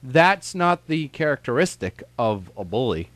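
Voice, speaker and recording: A man's voice: medium pitch, sing-song, measured pace, a bit bright, no echo. Man with an ordinary voice in casual radio chat.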